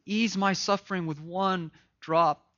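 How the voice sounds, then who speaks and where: A tormented rich man begs again and again for mercy, as a preacher puts him on. The voice is pitched up, bright and tense. The sound is dull and lo-fi. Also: fairly even intonation, measured pace. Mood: pleading. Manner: pleading, repeated cries.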